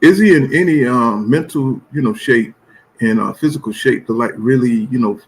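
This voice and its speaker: A man talks boxing in a loose, rambling live-stream manner, leaning on "you know what I'm saying" between almost every thought. His voice sits at an ordinary middle pitch with a gravelly, fry-tinged edge. He sounds relaxed and blunt, dropping profanity freely. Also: normal speed, a little hiss or hum. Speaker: boxing channel host. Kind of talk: casual live-stream commentary.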